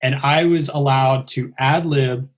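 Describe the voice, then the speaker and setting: In a relaxed podcast chat, a stuntman tells his story at an unhurried pace. His voice sits at an ordinary middle pitch, and he gets animated, acting out the lines he quotes.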